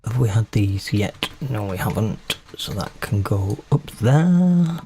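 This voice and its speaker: A man's voice: fairly low pitch, lively intonation, slow, dark tone, breathy edge. Chatty man streaming a game. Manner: chatty, talks to himself, self-mocking. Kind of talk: casual gameplay commentary.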